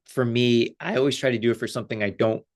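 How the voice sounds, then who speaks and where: A man, a life coach, giving a casual, animated spiritual talk with lots of fillers and frequent laughter. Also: medium pitch, fast talker.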